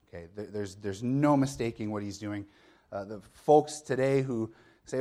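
A middle-aged pastor preaches conversationally in a fairly low, dark-toned voice at a moderate pace. He walks the congregation through his point step by step, poses rhetorical questions, and keeps checking in with "okay?".

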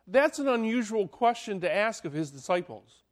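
A man preaching a sermon, dramatic, swinging from loud to hushed and asking the listeners questions. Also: sits high, very animated, normal speed.

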